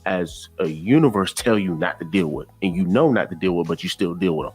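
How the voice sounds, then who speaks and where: Very low-voiced man, exasperated reaction commentator, faint music under. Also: fairly quick, darkish tone, breathy edge. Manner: exasperated, lecturing, repeats himself.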